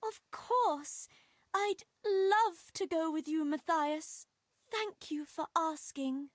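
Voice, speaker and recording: An actress voicing a lovesick young village girl in a video game, talking slowly and wistfully. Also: extremely high pitch, no echo, clean studio sound. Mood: dreamy. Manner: slow, wistful storytelling.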